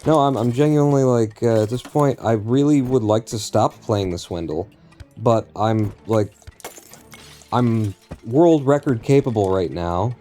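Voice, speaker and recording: A man's voice: mid-range voice, measured pace, mellow, faint music behind. A man streaming a game live, talking to himself and the game in a rambling, profane way. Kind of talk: live gameplay commentary.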